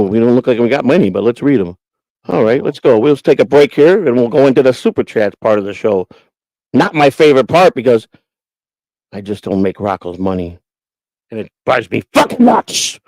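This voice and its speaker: A man's voice: mid-range voice, no room sound, rough recording. A man hosting a livestream, reading super chats in crude, grumbling, teasing casual chat. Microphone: homemade desk mic.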